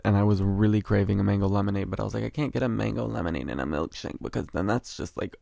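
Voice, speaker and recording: Young male podcast host, low gravelly voice, dry close sound, chatty dramatic storyteller who swears. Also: fast, a little mellow, no room sound. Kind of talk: casual storytelling monologue.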